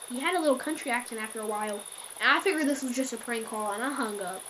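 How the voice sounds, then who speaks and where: A woman's voice: fairly high pitch, fast, pushed and bright, slight background noise. A woman casually telling a scary story in a rambling, self-correcting way.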